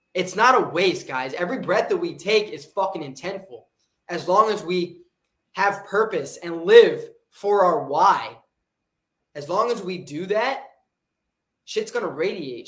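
Brief: hype livestream motivator, swears constantly, repeats lines for punch, chats with the comments, mid-pitch voice in a roomy space. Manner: intense, profane, repetitive hype; stops to read and answer viewer comments. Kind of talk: unscripted motivational pep talk to a live chat. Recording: roomy echoey room.

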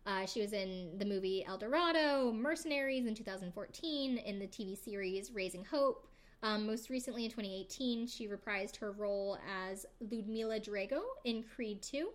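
A woman's voice: medium pitch, moderate pace. A young adult woman hosting a podcast, recapping reality TV in a casual, chatty way with lots of fillers and jokey asides. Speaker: podcast host.

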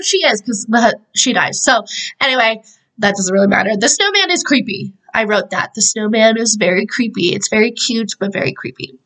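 On a rough recording, a young woman with a medium-pitched, slightly bright voice recaps a movie for her podcast. Her delivery is casual and chatty, full of swearing and "like."

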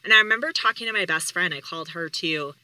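A woman hosts her podcast with a very bright, sharp voice and recounts a personal story in a candid, heartfelt way. Her delivery is conversational. The recording is dry and close, with no room sound. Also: on the low side, quick pace, no room sound, rough recording. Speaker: podcast host.

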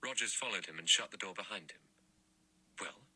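A man reading a mystery audiobook in measured, even narration. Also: on the low side, husky, poor audio. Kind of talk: scripted narration.

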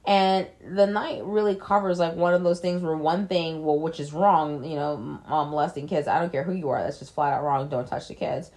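A woman's voice: low-pitched, fairly even intonation, moderate pace, few pauses, darkish tone. A woman casually recapping a film plot in a loose, chatty way, with frequent fillers and blunt swearing. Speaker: film reviewer.

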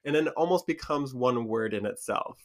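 Michigan guy vlogging, casual chatty and animated, lots of "like" and "uh", mid pitch. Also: brisk. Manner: chatty and animated, with frequent fillers and laughs. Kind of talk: casual chat to camera.

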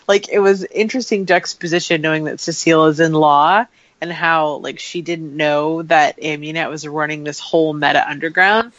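A woman's voice: low voice, steady tone, normal speed, a bit bright, dry recording. A woman joining a podcast panel, chatty and ready to explain things at length. Her voice comes through dry and a bit dull, like a lo-fi remote connection. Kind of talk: casual podcast chat.

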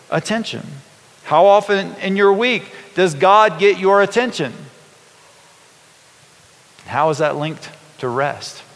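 Pastor in a reverberant church hall. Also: male voice, a little high, a bit bright. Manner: conversational, folksy, asks the congregation questions. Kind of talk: storytelling sermon.

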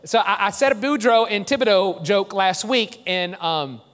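High-voiced pastor. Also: male voice, normal speed. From New Orleans. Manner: lively, joking, engages the congregation. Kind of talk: sermon. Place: church sanctuary. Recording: long church reverb.

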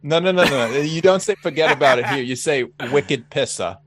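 A man's voice: fairly high pitch, moderate pace, slight background noise. A man from the Boston area with a Boston accent, co-hosting a casual chat and teasing his partner while reading chat comments. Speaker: co-host.

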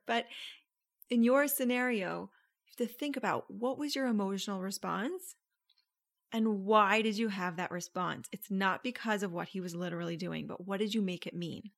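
A young woman hosts a podcast and coaches her listeners through a relaxed, conversational monologue. She laughs easily and keeps checking in with rhetorical questions. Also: medium pitch. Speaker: podcast host and relationship coach.

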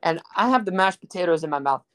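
A man's voice: high voice, expressive, fast talker, fairly bright tone. A young man from South Texas hosting a casual podcast, telling crude, rambling stories full of fillers and jokes. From Rio Grande Valley, Texas. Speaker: podcast host.

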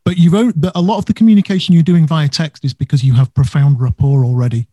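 A man's voice: on the high side, steady tone, fast talker, mellow, no echo. A man co-hosting a casual business podcast, talking animatedly and stressing words for effect. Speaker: podcast co-host.

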